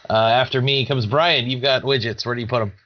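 A man's voice: mid-range voice, fairly even intonation, a little fast, highs cut off. A man co-hosting a casual group podcast with wry, dry humor. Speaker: podcast co-host.

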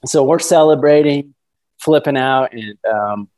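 A man's voice: medium pitch, unhurried, darkish tone, no echo, low-quality recording. Eager storytelling man, dry close mic. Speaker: guest hunter. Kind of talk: storytelling in a podcast interview.

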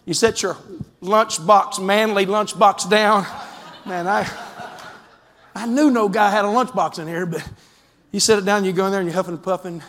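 A man preaching a lively, conversational sermon as pastor, breaking into sudden shouts. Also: high voice, long reverb tail. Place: church sanctuary.

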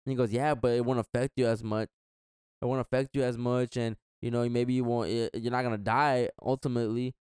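A man's voice: medium pitch, flat delivery, a little fast, a little mellow, smooth, dry recording, studio quality. Slangy young man telling a story. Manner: rambling, slangy, acts out quotes. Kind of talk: casual storytelling chat.

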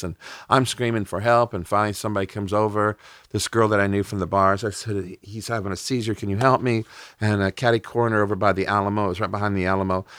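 Candid middle-aged man, low dry voice. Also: a bit bright, no echo. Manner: candid and emotional, blunt language. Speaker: interview guest. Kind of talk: personal storytelling in a podcast interview.

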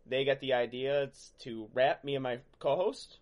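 A man hosting a podcast, chatting in a relaxed way and swearing freely. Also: mid-range voice, moderate pace, muffled recording. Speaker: podcast host. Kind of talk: casual chat.

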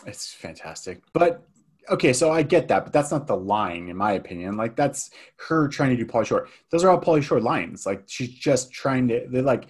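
A man in casual film-review chat who rambles and hesitates, filling gaps with ums and likes. His voice sits at a middling pitch. He talks loosely and unscripted with a friend. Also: animated, normal speed, husky. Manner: rambling, hesitant, many fillers and restarts. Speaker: podcast co-host.

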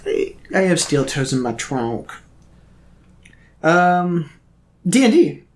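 Wry, slightly high-voiced male co-host. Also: sing-song, takes it slowly. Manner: wry, profane, emphatic riffing. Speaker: podcast co-host. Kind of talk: casual chat.

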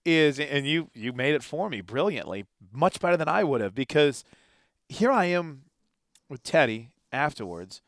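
A man's voice: on the high side, very animated, moderate pace, a bit bright, no room sound, studio quality. A man co-hosting a sports talk show, chatting casually about a football game, often stammering and restarting his thoughts.

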